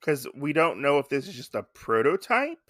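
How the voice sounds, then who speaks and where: A man's voice: fairly high pitch, big pitch swings, normal speed, fairly bright tone, no echo, studio quality. A man co-hosting a casual podcast, chatting in a rambling way with many fillers. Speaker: podcast co-host. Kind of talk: casual chat.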